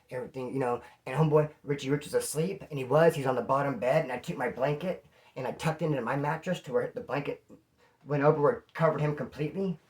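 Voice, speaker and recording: A man from California, a former inmate, telling a prison story casually to camera in slangy, animated talk full of bro and dude. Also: fairly high pitch.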